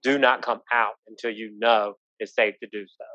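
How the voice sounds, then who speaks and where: A man's voice: fairly low pitch, flat delivery, moderate pace, bright, forceful tone, no room sound. A man teaching an active shooter training class, telling stories in a folksy way and checking in with the room often. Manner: folksy, storytelling, asks the room "right?". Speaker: police trainer. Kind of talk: live safety training talk. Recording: dull lo-fi sound.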